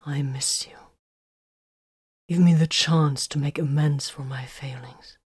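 A woman reading a story, voicing a remorseful wounded male soldier who pleads in halting, apologetic words. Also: sits low, fairly even intonation, a little mellow, breathy edge, no echo, clean studio sound, full character voice.

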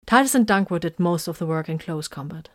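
A woman narrating an audiobook in a steady storytelling manner. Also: on the low side, brisk, no echo, studio quality.

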